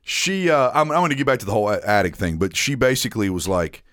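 A man's voice: fairly low pitch, big pitch swings, quick pace, a bit bright, no echo, clean studio sound. A man co-hosting a podcast, telling a story in casual chat, swearing freely and restarting often. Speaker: podcast co-host.

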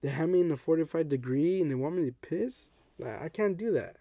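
A young adult man hosting a podcast, telling a personal story in a casual, animated way and acting out what others said. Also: on the high side, a little fast, no echo. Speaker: podcast host.

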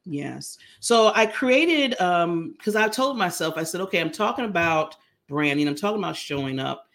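A middle-aged woman talking casually as an interview guest, animated and laughing often. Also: fairly low pitch, normal speed. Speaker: guest, brand founder.

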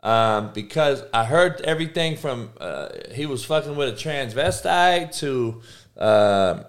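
Male podcast host, casual solo rant, crude and rambling, middle pitch. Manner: profane, rambling, animated swings in pitch. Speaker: coach.

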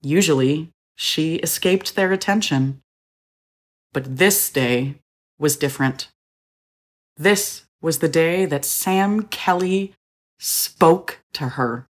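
Low-voiced woman narrating a story. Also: slow.

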